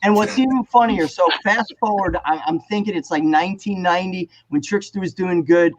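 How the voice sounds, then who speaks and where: Guy in his 50s, high voice, swears a lot, acts out the quotes, muffled call audio. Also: fairly quick. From New Jersey. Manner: animated, profane storyteller, acts out quotes. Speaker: guest musician. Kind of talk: casual storytelling on a video call panel.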